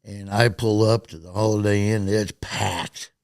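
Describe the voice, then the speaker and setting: Middle-aged male comedian, gravelly voice, dry close mic, lively storyteller who acts out the voices. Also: on the low side, moderate pace, dry recording. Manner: animated, acts out quoted voices and laughs at his own stories. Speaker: podcast guest, comedian. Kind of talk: casual storytelling chat.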